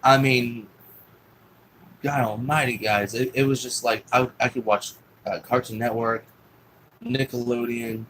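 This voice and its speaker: A man recounting his life in a loose, casual monologue. He curses freely and fills the gaps with ums and you-knows. His pitch sits in a middle range. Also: steady tone, unhurried, long pauses, a bit bright, a little hiss or hum, rough recording. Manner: rambling, profane, full of fillers. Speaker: storyteller. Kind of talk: casual personal storytelling.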